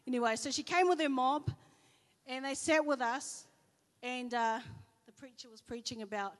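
A woman's voice: sits high, moderate pace, big-room sound. A woman with a New Zealand accent preaching a sermon, telling personal stories and acting out the dialogue.

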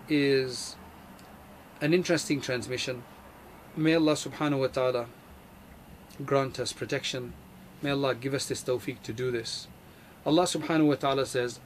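A man giving a religious lesson in an earnest, emphatic way, repeating key phrases and reciting Arabic verses quickly. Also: mid-range voice, a little hiss or hum. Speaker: Islamic teacher.

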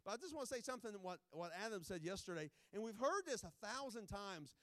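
A pastor giving informal, joking remarks before a sermon, rambling with many restarts. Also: male voice, high-pitched, big pitch swings, fast, fairly bright tone, no room sound, clean studio sound.

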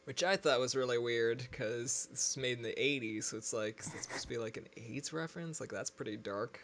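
Mid-pitched man, casual podcast co-host, chatty and joking. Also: brisk, a bit bright. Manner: chatty, heavy use of "like", jokey. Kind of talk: casual movie discussion.

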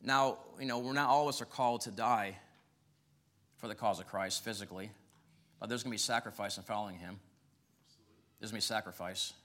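A man's voice: on the low side, a little fast, pauses often, a bit bright. A man preaching a sermon in a conversational way, reading scripture and chuckling often, his voice rising sharply when he acts out questions.

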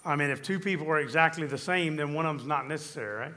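A man's voice: a little high, quick pace, bright, forceful tone. A man preaching a sermon on relationships, reading verses and asking his listeners questions. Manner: teaching with scripture, asks the audience questions. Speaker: pastor.

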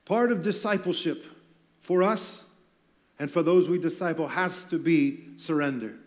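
High-voiced earnest male preacher. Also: unhurried. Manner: earnest, emphatic, with light self-deprecating humor. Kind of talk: sermon to church leaders.

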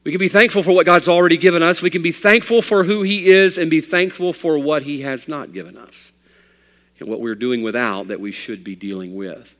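A man's voice: on the high side, a little fast. Man preaching in a reverberant hall. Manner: storytelling preacher, swings from loud emphatic to quiet. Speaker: pastor. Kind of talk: sermon.

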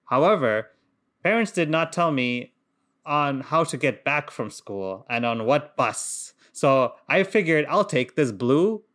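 A man's voice: fairly high pitch, slow pace. A man in his thirties, raised in Qatar, telling a story in casual chat and acting out the voices of the people in it. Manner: animated, acts out voices in anecdotes, laughs often. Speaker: podcast co-host.

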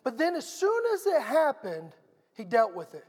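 A man's voice: very high-pitched, huge pitch swings, normal speed, darkish tone, big-room sound. A middle-aged man preaching a sermon in an earnest, conversational storytelling manner.

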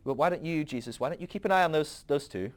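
A man's voice: fairly high pitch, expressive, fast, voice pushed up, lightly acted. A man doing an offhand, breezy creator god. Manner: chatty and offhand. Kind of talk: comic retelling in a podcast.

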